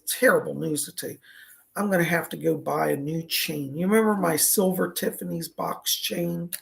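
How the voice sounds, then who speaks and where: A man hosting a psychic livestream, chatty and effusive, his voice raspy and strained from a cold. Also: fairly high pitch. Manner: chatty, effusive, greets viewers by name. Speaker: psychic medium livestream host. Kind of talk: casual livestream chat. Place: indoors at a table.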